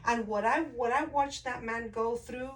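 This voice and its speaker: Animated woman telling a story, off-mic. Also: on the high side, normal speed, recorded from a distance, low-quality recording. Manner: animated storyteller, acts out quoted voices. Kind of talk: casual chat.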